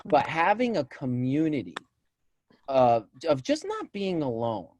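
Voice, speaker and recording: A man co-hosting a casual talk show, telling self-deprecating stories with animated energy and bursts of loud laughter. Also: a little high, measured pace, noisy background. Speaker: podcast co-host. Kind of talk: casual chat.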